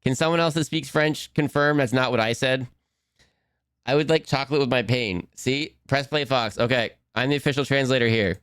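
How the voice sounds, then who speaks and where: A man's voice: mid-range voice, normal speed, fairly bright tone, clean tone, no echo, studio quality. A man hosting a cartoon watch-along stream from home at his computer, rambling and giggling as he answers chat. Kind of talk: casual live-stream chat.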